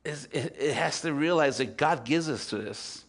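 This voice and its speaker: Pastor guy in his 50s preaching at church, kinda high voice, gets loud then real quiet, keeps asking can i get an amen. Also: moderate pace. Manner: swings from loud emphatic peaks to quiet intimate asides; rhetorical questions and calls for amen. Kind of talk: sermon. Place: church service with congregation.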